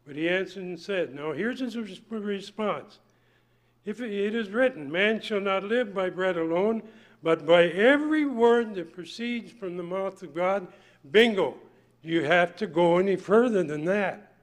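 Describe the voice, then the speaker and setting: Older male preacher, high voice, folksy and emphatic sermon delivery. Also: unhurried. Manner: folksy, emphatic, swings from loud to hushed.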